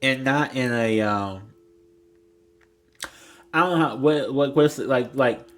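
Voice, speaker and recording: Man, young adult, casual tarot reading, rambling, blunt, swears a lot, average pitch. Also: takes it slowly, a bit bright. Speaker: tarot reader.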